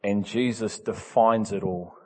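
A male pastor, preaching in an animated, emphatic way that swings from loud to soft. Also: fairly low pitch, a little slow, husky, in a large hall. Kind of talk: storytelling sermon.

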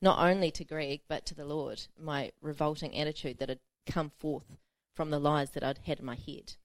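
A woman's voice: deep voice, fairly even intonation, normal speed, no room sound. Woman preacher telling a funny story. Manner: storytelling, self-mocking, laughing often. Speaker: pastor. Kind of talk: sermon.

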